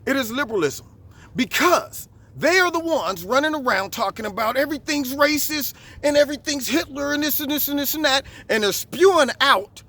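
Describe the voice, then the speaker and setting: A man hosting a vlog, giving an animated, preachy political monologue outdoors on camera. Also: very high voice, moderate pace. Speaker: vlog host. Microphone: camera recording himself.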